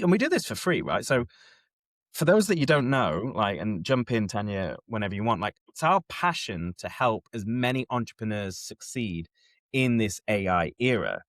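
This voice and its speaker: A man hosts a casual chat, explaining things step by step in an animated way and often checking that his co-host is following. His voice is medium-pitched with no echo.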